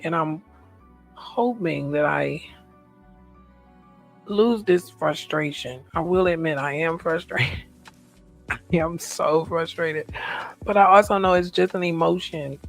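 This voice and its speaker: An American woman vlogger speaks in a low voice with vocal fry. Her personal, reflective monologue is heartfelt and emotional, and she repeats her affirmations.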